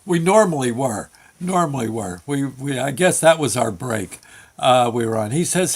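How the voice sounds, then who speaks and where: A man hosting his own show, telling a long work story in a halting, folksy way with many fillers and restarts. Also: mid-range voice, expressive, gravelly. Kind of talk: rambling spoken storytelling.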